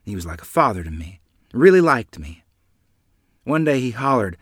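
A man narrating a memoir in the first person with a dramatic, expressive delivery. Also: medium pitch, moderate pace, long pauses, slightly rough, dry recording, clean studio sound.

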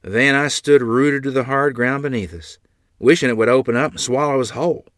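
A man narrating a read-aloud story in an expressive, good-humored manner. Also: mid-range voice, a little fast, dry recording, studio quality.

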